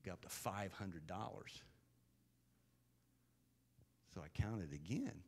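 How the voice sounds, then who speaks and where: Man pastor, fifties, deep voice, earnest sermon storytelling. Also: expressive, normal speed, hardly any pauses, slight background noise. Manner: earnest storytelling that builds to loud preaching.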